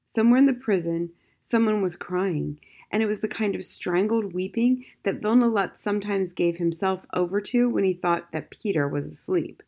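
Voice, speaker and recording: A woman reading a children's novel aloud in gentle, measured audiobook narration. Her voice is medium in pitch and calm, and she shapes each sentence with care. It is scripted storybook reading. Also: vocal fry.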